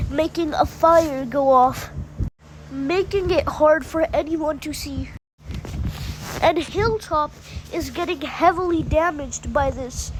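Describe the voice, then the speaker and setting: A woman's voice: sits high, a little mellow, a little hiss or hum, rough recording. A woman casually retelling a fan-made story, stringing events together with "and then". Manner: breathless plot recap, many "and then"s.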